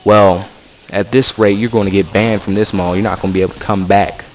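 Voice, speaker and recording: A man's voice: fairly low pitch, steady tone, a little fast, slight background noise, lightly acted. A young man doing a pushy mall security guard. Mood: stern. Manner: stern, scolding.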